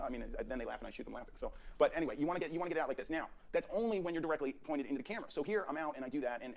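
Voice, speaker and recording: A man teaching portrait posing in his photo studio, directing a subject with energetic, repetitive coaching. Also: medium pitch, creaky. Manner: rapid, energetic coaching with frequent restarts and repeats.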